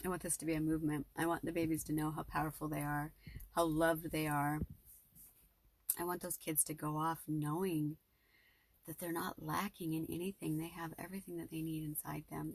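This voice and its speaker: Husky gravelly woman, heartfelt rambling vlog. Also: low-pitched. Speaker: vlogger. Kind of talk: emotional personal vlog monologue.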